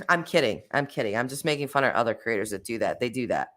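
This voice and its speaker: A low-voiced woman chats casually on her livestream, talking in a lively, animated way. She breaks into laughter often and reacts freely to her viewers. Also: brisk. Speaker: livestream host.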